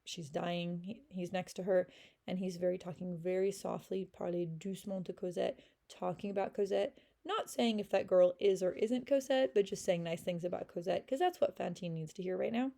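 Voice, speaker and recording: A woman's voice: fairly low pitch, steady tone, moderate pace, gravelly, warm tone. A woman teaching in a casual, chatty way, reading a French novel aloud and explaining it with lots of fillers.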